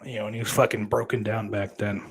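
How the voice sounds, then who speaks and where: A man's voice: lowish voice, flat delivery, fast talker, husky. A man hosting a casual podcast livestream, reading chat messages aloud and answering them in a rambling, sarcastic way with plenty of swearing.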